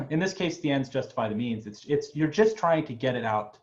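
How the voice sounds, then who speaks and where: Man, music professor, online class, chatty, tags lines with "right?", lively pitch, dull video-call sound. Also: moderate pace. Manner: loose, chatty, asks "right?" often.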